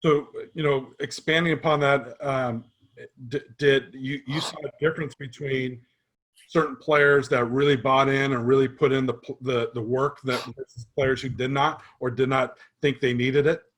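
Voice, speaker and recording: A man hosting a conversational interview about sports vision training, casual and relaxed, with many fillers. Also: medium pitch, normal speed.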